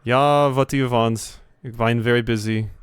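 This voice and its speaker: A man's voice: mid-range voice, steady tone, normal speed, clean tone, no echo, natural voice. A man voicing a stiff, self-important male German bureaucrat in a put-on German accent, speaking in an officious, clipped way.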